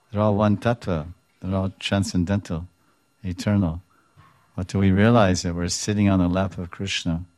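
A man with a very low, deep voice giving a devotional talk, telling sacred stories in an animated way and pausing to explain terms. He chuckles now and then. The recording is dry and close, with no room echo. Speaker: devotional speaker.

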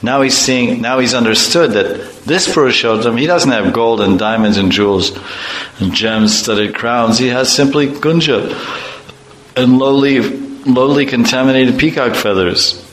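A man preaching an animated storytelling sermon, laughing along and chanting verses. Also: mid-range voice, measured pace. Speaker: preacher telling a sacred story. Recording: echoey room, faint noise.

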